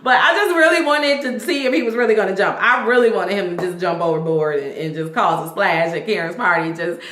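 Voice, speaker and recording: A woman giving a casual, profane recap of a reality show to her viewers. She talks in an animated way and acts out what the cast said. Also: mid-range voice, a little fast, reverberant, slight background noise. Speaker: vlogger reviewing a reality show.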